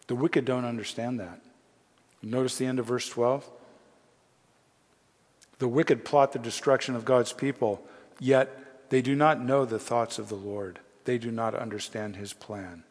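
A man's voice: on the low side, breathy edge, in a large hall. A man preaching a sermon, reading scripture aloud and pressing its points with earnest, rising emphasis. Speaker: pastor.

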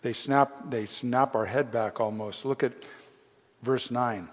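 A man preaching in a church, his voice sitting at a middle pitch and carrying through the long reverb of a large hall. He reads scripture aloud, then lifts his voice to stress the key promises before easing back down to talk plainly to the congregation. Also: slow pace. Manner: earnest preaching with rising emphasis on key phrases. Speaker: pastor. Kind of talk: sermon.

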